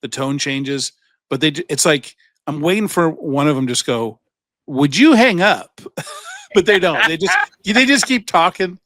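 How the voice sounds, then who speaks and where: A man's voice: a little high, lively intonation, normal speed, pushed and bright, dry recording. Rambling man telling stories. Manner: rambling storyteller, acts out quoted voices, swears, laughs often. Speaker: podcast co-host. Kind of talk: casual chat.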